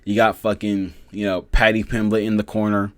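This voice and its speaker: A man with a low-pitched voice talks through fight results in a loose, rambling way. He swears constantly and fills pauses with "um" and "you know". The sound is dry and close. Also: little pitch movement, dry recording. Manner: rambling, heavy swearing, many fillers. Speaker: MMA fight reviewer. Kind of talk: casual reaction commentary.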